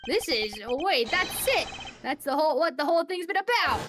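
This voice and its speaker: Excitable female streamer commentating a game, high voice. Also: brisk. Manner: excitable, reacting aloud. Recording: streamed voice over game music.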